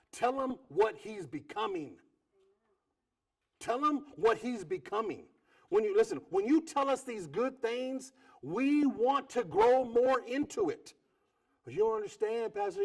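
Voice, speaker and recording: A man preaching with great energy, his pitch swinging widely from hushed, low asides to bright, high bursts. He keeps repeating phrases and acts out little dialogues between husbands and wives. His voice sits fairly high for a man. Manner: animated preacher, quick repetitions and acted-out quotes. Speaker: pastor. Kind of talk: sermon.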